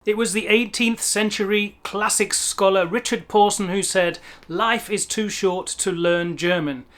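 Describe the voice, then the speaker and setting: High-voiced man giving a mock-stern lesson. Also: a little slow, a bit bright. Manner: mock-stern, emphatic, teasing. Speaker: language teacher. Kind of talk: humorous language lesson.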